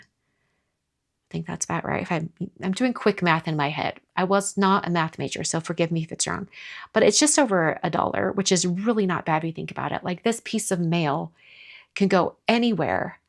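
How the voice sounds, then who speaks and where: A woman's voice: on the low side, creaky. A middle-aged woman from the American South hosting a card-making live stream in casual chat, reading viewer comments aloud and answering them.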